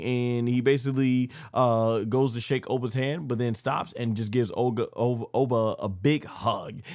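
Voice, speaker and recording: A man's voice: mid-range voice, a little mellow, no room sound, studio quality. A man hosting a review channel, giving a casual, rambling spoken recap and often correcting himself mid-sentence. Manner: rambling, self-correcting storyteller. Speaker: wrestling review channel host.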